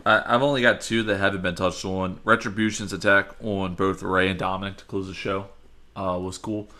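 Laid-back bright-voiced male podcast co-host. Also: deep voice, little pitch movement, fairly quick. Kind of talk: casual chat.

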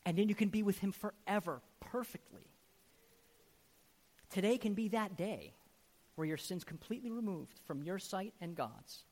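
A man's voice: high voice, animated, moderate pace, pauses often, darkish tone. A man preaching a sermon as pastor, earnest and emphatic, putting rhetorical questions straight to his listeners. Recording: long hall reverb.

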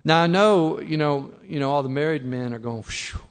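A man's voice: on the high side, fairly quick, clear, resonant tone. A middle-aged man preaching a sermon in a conversational way, acting out his listeners' objections. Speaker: pastor.

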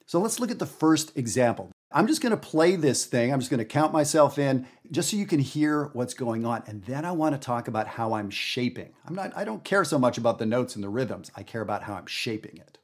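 A man hosting a jazz podcast, teaching in a casual, animated, emphatic way with everyday fillers. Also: mid-range voice, a little fast, hardly any pauses. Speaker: jazz educator and podcast host.

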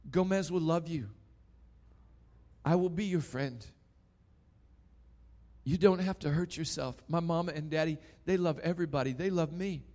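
A man's voice: a little high, moderate pace, long pauses, a little mellow, close to an everyday voice. A male preacher voicing a tender young man who pleads through tears. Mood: tearful pleading.

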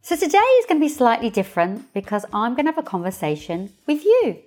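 A woman hosting her own podcast as a coach, talking straight to listeners with expressive, playful storytelling. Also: on the high side, fast talker, soft background music. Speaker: podcast host, coach and hypnotherapist. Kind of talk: solo podcast monologue.

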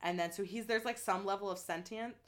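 A young woman in casual chat who gushes through a story, piling on "like" and the odd swear word. She is lively and informal, often jumping in with asides. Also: mid-range voice, fairly quick. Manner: animated, chatty, heavy use of "like" and swearing. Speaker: book fan retelling a plot.

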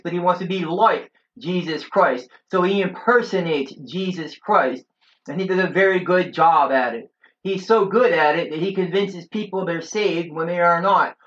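High-voiced middle-aged man, earnest testimony. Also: a bit bright. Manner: earnest, preachy storytelling with frequent "uh" fillers. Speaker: church member giving his testimony. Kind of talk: personal religious testimony. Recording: dull lo-fi recording.

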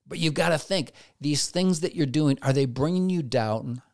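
A man's voice: on the high side, moderate pace. Man asking rhetorical questions in a faith talk. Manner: rhetorical questions, acts out quoted inner voices. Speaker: therapist giving a faith talk. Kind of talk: motivational faith talk to camera.

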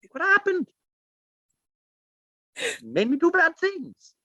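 A gleeful, unhinged killer clown who talks in a prim, uppity posh British accent. The voice sits far higher than a normal man's and swoops wildly, all mock courtesy laced with threats. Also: wildly swooping pitch, takes it slowly, bright, forceful tone, no room sound, dull audio, heavily acted. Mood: whiny excuses. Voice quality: prim, uppity and falsely polite, then snapping into threats.

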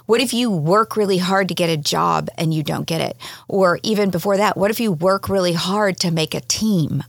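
Gravelly-voiced woman giving parenting advice. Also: lowish voice, moderate pace, dry recording, clean studio sound. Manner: reassuring, reflective advice. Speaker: podcast co-host. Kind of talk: casual advice chat.

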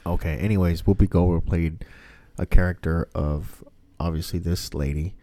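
A man's voice: deep voice, fairly even intonation, moderate pace, warm tone, dry recording. A man in casual chat, rambling and swearing freely as he tells a story. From family from Mexico.

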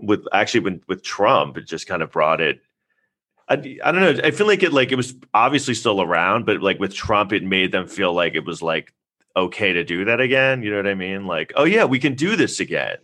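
A man from New York City hosts a casual podcast chat. His voice sits on the low side but sounds bright and forceful. He rambles, stacking fillers and slipping into animated quoted asides. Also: brisk. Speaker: podcast host.

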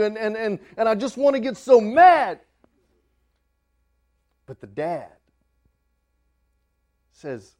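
A man in his thirties delivers a sermon to his church, his voice sitting a little high for a man. He tells a family story in a halting, repetitive way, stumbling over his words. Then he rises into loud, fervent preaching. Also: sing-song. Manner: storytelling with many restarts, building to loud preaching. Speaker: pastor.

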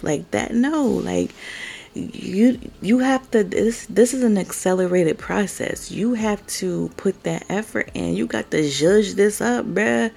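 This woman's medium-pitched, expressive voice has vocal fry and a slightly mellow quality, and she keeps a measured pace. Recapping a reality show casually, she's opinionated and chatty, leaning on "like" and "bruh," with sudden rising bursts of emphasis.

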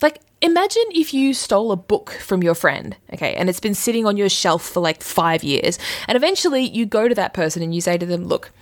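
Woman hosting a chatty lesson vid, super expressive voice, laughs a lot. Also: medium pitch, a little fast. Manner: lively, chatty, laughs often. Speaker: religious teacher, host. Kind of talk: casual explainer lesson.

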